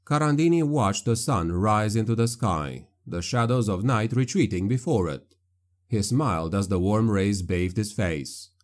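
A man narrating a dark fantasy audiobook in a measured, grave manner. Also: lowish voice, lively intonation.

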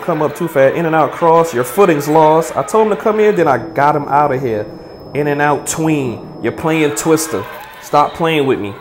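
A young man talking over his own basketball highlights, boasting and calling each move in quick play-by-play bursts. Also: lively intonation, noisy background. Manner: boastful trash talk, quick play-by-play calls. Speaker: basketball player.

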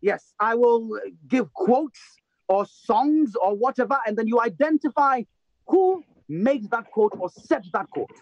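A man's voice: very high-pitched, animated, measured pace, dry recording. A man with a Ghanaian accent hosting a quiz round on a talk show, playful and teasing as he reads out questions. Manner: playful, teasing, mixes in Twi. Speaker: quiz host. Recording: dull, dry lo-fi sound.

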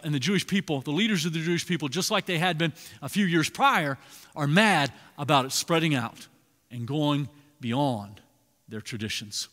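A man preaching a sermon as pastor, animated, swinging between loud emphasis and hushed asides. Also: fairly high pitch, normal speed. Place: church sanctuary. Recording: long reverb in a large hall.

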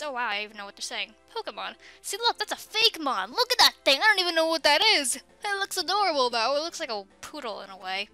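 A woman's voice: high voice, sing-song, brisk, sharp tone, soft background music. Bubbly, gushing young woman gamer. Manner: bubbly, gushing, reads game text aloud. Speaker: let's play host. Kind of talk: excited gameplay commentary with facecam.

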